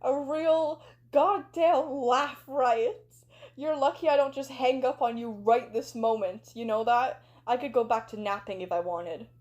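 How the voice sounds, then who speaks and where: A woman's voice: high voice, a little slow, darkish tone. A woman reading the lines of a grumpy, sleep-deprived man who swears and snaps sarcastically on a phone call. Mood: grumbling.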